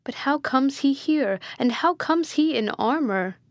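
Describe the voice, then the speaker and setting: A woman's voice: high-pitched, expressive, measured pace, dry recording, clean studio sound, voice pushed up. Woman voicing a frantic guilt-stricken prince. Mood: angry. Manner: exclaiming, frantic questions.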